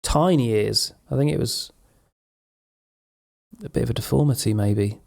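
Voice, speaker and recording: Gravelly-voiced man streaming casually. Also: mid-range voice, a little slow, darkish tone. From Suffolk, England. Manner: rambling, wry. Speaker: live streamer. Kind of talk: casual chat.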